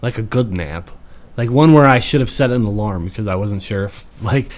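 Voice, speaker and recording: A man's voice: fairly low pitch, normal speed. A young man co-hosting a podcast in casual chat, laid-back and profane with dry asides. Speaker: podcast co-host.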